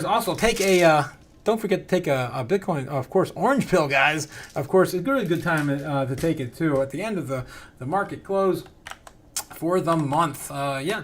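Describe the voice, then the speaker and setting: A man hosting a casual livestream, reading chat aloud, laughing often and getting excitable. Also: a little high, slight background noise. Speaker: host.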